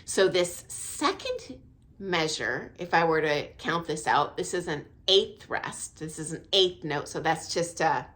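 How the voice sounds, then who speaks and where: A middle-aged woman, a dance teacher, explaining music counts in a casual, friendly way, with a high, light voice and frequent laughs. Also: expressive, unhurried, a bit bright. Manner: counts beats aloud, self-deprecating, laughs often. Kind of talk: casual instructional talk. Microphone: camera mic, filming herself.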